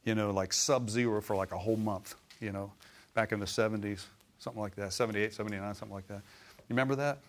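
A man's voice: fairly low pitch, fairly even intonation, fast talker. A middle-aged man preaching a sermon, telling stories and swelling into emphatic exclamations. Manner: storytelling, rising to emphatic exclamations.

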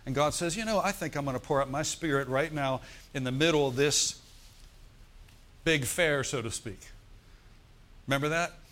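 This middle-aged preacher's voice runs on the high side and a bit bright, at normal speed with frequent pauses. He tells a story during his sermon and asks the congregation to respond.

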